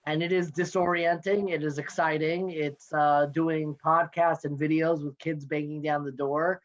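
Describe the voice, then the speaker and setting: A man's voice: a little high, little pitch movement. A man in his thirties talking in a casual, playful way as a guest, joining by video call from his home office. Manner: chatty, playful, quick with jokes. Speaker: guest, NCSY education director. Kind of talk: casual interview chat. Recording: dull lo-fi video call audio.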